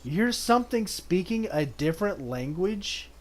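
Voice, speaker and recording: A man streaming a video game in casual commentary, reading the game's text aloud and breaking into sudden excited outbursts. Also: high-pitched, normal speed.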